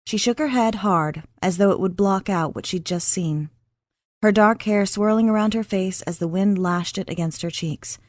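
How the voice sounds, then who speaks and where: A woman reads an audiobook aloud in a measured, even delivery, her voice sitting in the mid range. The recording is dry and clean, with clear studio sound, and the speech is scripted narration.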